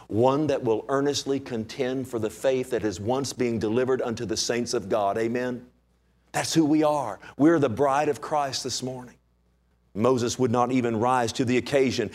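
A man preaching a sermon as pastor, animated and conversational, with many rhetorical questions. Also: medium pitch.

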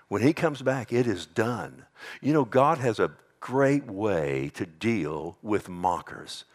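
A middle-aged man preaching a sermon as pastor, animated, jumping up to a high mocking voice when he quotes scoffers.

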